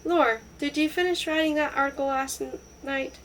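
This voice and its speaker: A woman voicing a brisk, practical middle-aged wife in a read-aloud novel, answering in short, clipped lines. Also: a little high, fairly bright tone, a little hiss or hum, low-quality recording. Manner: brisk, mildly exasperated.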